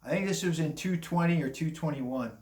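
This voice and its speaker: A man's voice: on the high side, brisk, darkish tone. An older man giving a rambling, blunt opinion monologue on the day's news, with chuckling asides. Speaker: commentary vlogger. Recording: echoey room.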